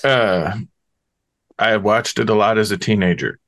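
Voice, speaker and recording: A man's voice: lowish voice, measured pace, fairly bright tone, no room sound. A man co-hosting a casual podcast chat, making short, dry joking asides.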